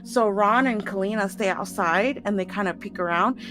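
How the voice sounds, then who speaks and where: A woman casually recapping the last tabletop session, animated, laughing and swearing often. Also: mid-range voice, moderate pace.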